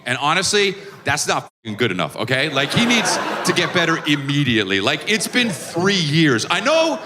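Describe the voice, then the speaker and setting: Ranting stand-up comedian, high lively voice. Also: male voice, a little hiss or hum. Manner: loud, animated ranting with swearing. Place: comedy club stage.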